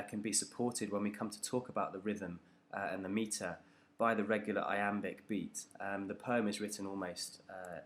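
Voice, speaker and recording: Hesitant low-voiced male teacher. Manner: hesitant, many ums and restarts. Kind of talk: unscripted poetry analysis lecture.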